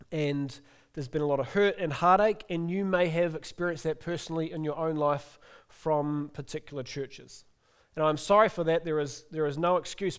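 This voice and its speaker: Middle-aged male preacher, earnest and gently inviting, voice pitched a little high. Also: clean tone. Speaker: pastor. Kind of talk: sermon with closing prayer.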